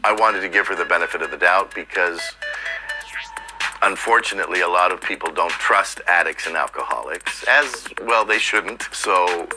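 A man's voice: low voice, moderate pace, over music. A man in an interview, earnestly recalling events. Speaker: interviewee, former manager. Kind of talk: interview recollection.

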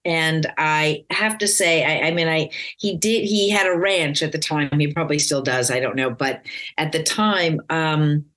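Middle-aged american woman, really low voice, chatty and rambly, lots of ums. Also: moderate pace. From United States. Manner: rambling, warm storytelling with many fillers and restarts. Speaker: actress guest. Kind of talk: casual interview chat.

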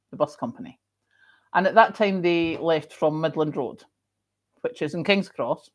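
A middle-aged Scottish woman with a softened accent hosts a livestream, her voice sitting low. She chats casually while reading viewer comments aloud, coughing often and filling pauses with ums.

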